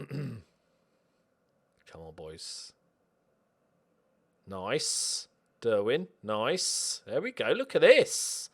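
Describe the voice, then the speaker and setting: A man hosting a football management game playthrough, commentating in an excitable, sarcastic, self-mocking way. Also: mid-range voice, extremely slow, pauses often, husky. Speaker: let's play host. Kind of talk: gaming commentary.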